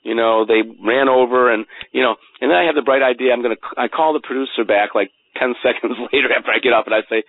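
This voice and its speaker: A man telling a personal story as a guest in an interview, earnest and animated, often stumbling over repeated words, heard over a tinny phone line. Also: medium pitch, fast, creaky, hardly any pauses, no echo. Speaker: guest author.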